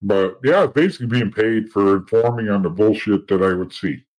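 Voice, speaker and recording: A man's voice: on the low side, moderate pace, darkish tone, rough recording. A man telling a story bluntly with lots of swearing, acting out what others said, as an interview guest. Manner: blunt, profane, acts out other people's lines. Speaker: interview guest, former police officer and informant.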